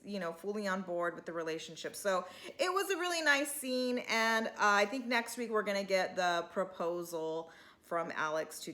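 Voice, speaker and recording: A woman's voice: mid-range voice, bright, forceful tone. A woman hosting a casual reality-TV recap, chatty and full of fillers, acting out what the people on the show said. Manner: chatty, acts out quotes. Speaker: TV recap host.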